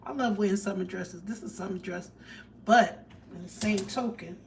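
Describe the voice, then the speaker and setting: A woman's voice: mid-range voice, moderate pace, creaky. A young woman, chatting loosely and joking with profanity as she cooks breakfast on a livestream. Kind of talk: casual livestream chat while cooking. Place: home kitchen. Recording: distant phone mic with background noise.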